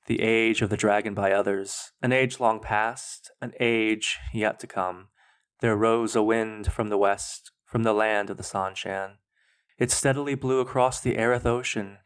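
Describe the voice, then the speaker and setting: A man reads his own fantasy story aloud with measured, dramatic narration. His voice sits on the low side. He is the host of a podcast. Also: smooth. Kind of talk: reading fan fiction aloud.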